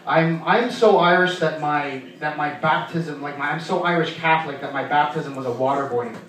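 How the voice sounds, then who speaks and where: A young man from Canada works through a stand-up set, his voice sitting a little high. He rambles, stumbles and restarts between bits. The sound is very echoey and set back from the mic, like a small club heard from across the room. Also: distant mic, crowd noise. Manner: rambling, halting delivery with many fillers and restarts. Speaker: stand-up comedian. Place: comedy club stage.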